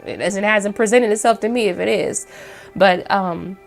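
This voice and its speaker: A woman's voice: medium pitch, normal speed, vocal fry, soft background music. Chatty woman telling a spooky story. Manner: chatty, rambling, many fillers and restarts. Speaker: channel host. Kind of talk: casual storytelling to camera.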